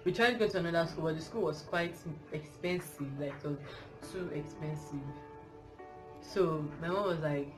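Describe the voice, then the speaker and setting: A woman's voice: low voice, normal speed. A woman with a Nigerian accent telling a personal story in a vlog, rambling and correcting herself as she goes. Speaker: vlogger. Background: music.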